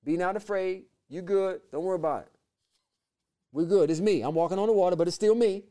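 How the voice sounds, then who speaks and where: A man voicing Jesus as a calm, easygoing man who keeps soothing frightened friends with short repeated reassurances. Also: high voice, fairly quick, natural voice. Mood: reassuring.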